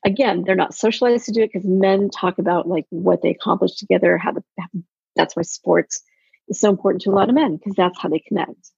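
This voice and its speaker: A woman coaching in casual podcast chat, telling animated stories and acting out quotes. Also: mid-range voice, brisk, gravelly, slightly rough, no echo. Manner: animated storyteller, acts out quotes. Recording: dull, dry lo-fi sound.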